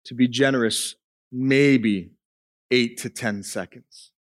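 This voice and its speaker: A man preaching a sermon, first telling a story in an even, middling voice. As it goes on he climbs steadily in pitch and force until he is nearly crying out to the room. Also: slow, dry recording, clean studio sound. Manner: builds from quiet storytelling to impassioned preaching. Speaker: pastor.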